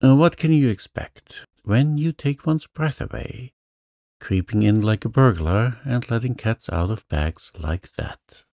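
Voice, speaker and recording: A man's voice: mid-range voice, animated, unhurried, darkish tone, no room sound, clean studio sound. A man voicing a spirited, blunt young woman in a storybook reading, exclaiming and teasing.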